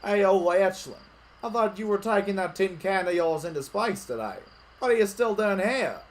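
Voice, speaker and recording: A man voicing a folksy male alien tree keeper from a game, in a raised, loud homespun drawl. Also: fairly high pitch, brisk, pitched above the performer's own voice, close to an everyday voice.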